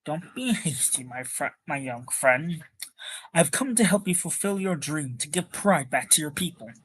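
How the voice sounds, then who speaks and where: A man reading the part of a calm, wise older professor in his own plain voice. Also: on the high side, moderate pace, slightly rough.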